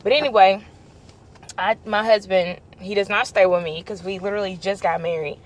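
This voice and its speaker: Casting: young woman, mid-pitch voice, casual animated storytelling vlog. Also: normal speed. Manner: animated, acts out quoted dialogue. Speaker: vlogger.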